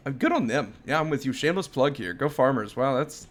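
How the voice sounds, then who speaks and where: A man from the United States co-hosting a podcast, full of teasing, animated reactions and quick exclamations. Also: mid-range voice. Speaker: podcast co-host. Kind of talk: casual chat.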